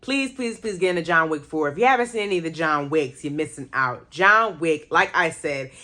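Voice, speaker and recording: Animated woman host with lively pitch. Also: a little fast. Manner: animated, laughing and exclaiming, reacting to chat comments. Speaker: radio host reviewing movies. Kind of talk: casual livestream chat with viewers.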